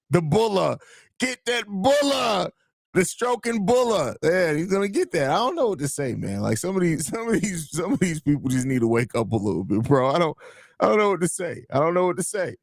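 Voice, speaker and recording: Casting: young guy, podcast host, high voice, loose profane banter, dry close mic. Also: no room sound. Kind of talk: casual live-stream chat.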